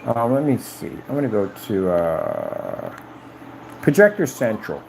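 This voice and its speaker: Animated man boasting on a live stream. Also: unhurried, gravelly, background noise. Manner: animated, boastful, retells conversations in high-pitched quoted voices. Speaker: company owner hosting a live stream. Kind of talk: casual live stream talk.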